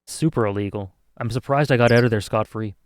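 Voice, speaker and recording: A man's voice: mid-range voice, fast talker, a little hiss or hum. A Canadian man streaming and reading a visual novel aloud, with joking, self-deprecating asides.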